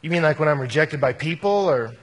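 A man's voice: a little high, animated, a little fast, husky, long reverb tail. A man who works as a youth minister, answering an audience question in a candid, storytelling way and often quoting scripture. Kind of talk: conversational Q&A answer.

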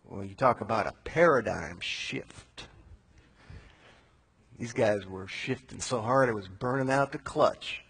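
A man preaching a sermon, retelling a Bible story in a casual, animated way with slangy asides. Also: on the low side, a little slow, creaky, breathy edge, rough recording.

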